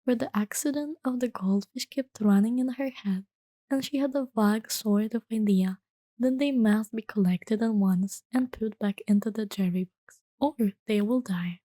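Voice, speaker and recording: A woman reading a bedtime story in a gentle, hushed soft-spoken ASMR style that slips into whispers. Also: fairly high pitch, moderate pace, dry recording.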